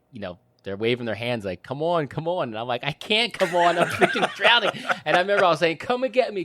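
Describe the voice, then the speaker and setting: A man guest on a podcast, telling a story in a casual, animated way with lots of fillers and frequent laughter. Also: lowish voice, no echo.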